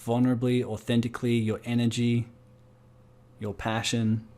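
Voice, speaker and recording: A man's voice: mid-range voice, monotone, moderate pace, dark tone. A man with an Australian accent leading a group coaching call over a video call, firing rhetorical questions at his listeners. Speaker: business coach.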